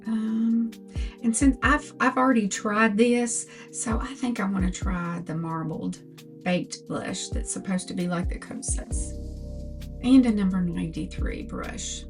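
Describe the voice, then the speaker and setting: Older lady doing a makeup tutorial, talks real slow, soft music behind. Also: medium pitch, fairly even intonation. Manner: slow, chatty product talk. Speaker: beauty vlogger.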